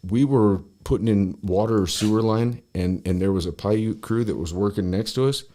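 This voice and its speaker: Guy with a real low voice swearing his way thru a work story on a podcast, doing the voices. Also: moderate pace. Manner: profane, animated, acts out quoted people. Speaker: podcast host. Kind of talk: casual storytelling chat.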